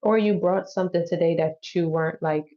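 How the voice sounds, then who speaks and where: A woman's voice: lowish voice, steady tone, a little fast, mellow, slight background noise. A woman giving a loose, chatty tarot reading who swears and laughs easily. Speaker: tarot reader. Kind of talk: casual tarot reading to camera. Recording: dull lo-fi audio.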